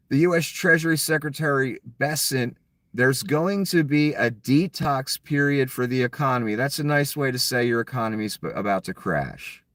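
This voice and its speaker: A man's voice: mid-range voice, fairly bright tone, no room sound. A man giving a blunt, mocking solo commentary, full of profanity. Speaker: political commentator.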